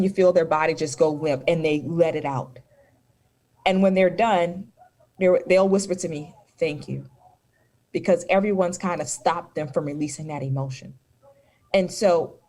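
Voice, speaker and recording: A woman's voice: on the low side, a little mellow. Woman speaker explaining with stories. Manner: storytelling, reassuring, explanatory. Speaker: mental health guest speaker. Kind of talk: casual discussion.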